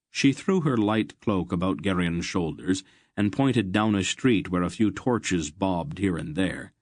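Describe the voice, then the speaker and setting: A man reading a fantasy audiobook in a measured, steady narration. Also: low-pitched, no room sound, studio quality.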